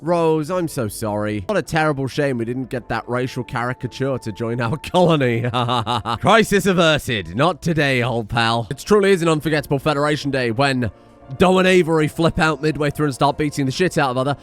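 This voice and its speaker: Male let's-play host, irreverent and profane, very expressive intonation over soft music. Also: mid-range voice, brisk. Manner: animated, swearing, joking asides to the colonists. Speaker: gameplay commentator.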